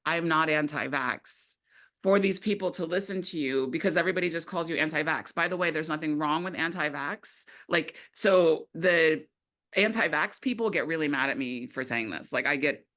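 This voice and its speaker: Woman, documentary filmmaker, lowish voice, animated casual talk, acts out quotes.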